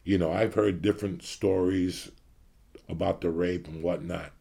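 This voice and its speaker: A man's voice: sits low, steady tone, unhurried, vocal fry, dark tone, husky. A man in his fifties from the New York area, hosting his show with a blunt, profane rant to his audience. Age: 50s. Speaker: podcast host.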